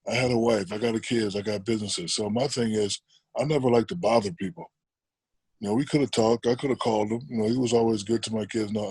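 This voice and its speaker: Husky low-voiced man in his forties. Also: no room sound, poor audio. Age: 40s. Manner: loud and teasing in banter, slow and reflective when serious. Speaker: podcast guest. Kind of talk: casual chat over a video call. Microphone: video call.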